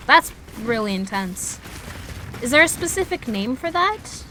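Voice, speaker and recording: A woman in her twenties streams and tells a story in a loose, rambling way, swearing freely. Her voice is bright and a touch high, and a faint hum of noise sits behind it. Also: expressive, takes it slowly, long pauses. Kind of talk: casual storytelling while gaming.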